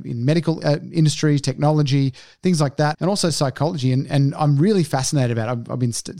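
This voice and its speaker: A man's voice: mid-range voice, warm tone, dry recording, clean studio sound. A man co-hosting a podcast, talking in a rambling way with many fillers. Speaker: podcast co-host. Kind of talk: casual interview chat.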